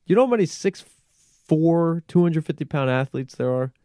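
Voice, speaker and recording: A man hosting a casual in-studio podcast conversation, animated, peppering his talk with swearing and "like.". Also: on the high side, moderate pace, no echo. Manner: animated, frequent swearing and filler "like". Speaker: podcast host.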